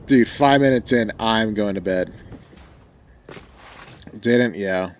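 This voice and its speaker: A man's voice: on the low side, takes it slowly, a little hiss or hum. A young man with a mild rural American country accent, livestreaming a game and chatting casually with viewers at a desk microphone, rambling and joking and often trailing off. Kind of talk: casual chat with stream viewers while gaming.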